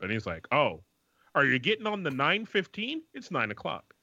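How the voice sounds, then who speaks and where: Speaking at normal speed in a fairly high, creaky voice, this man co-hosts a podcast and spins a story in relaxed chat. He swears heavily and plays out the voices of whoever he's quoting with lots of energy, over dull lo-fi audio with no echo.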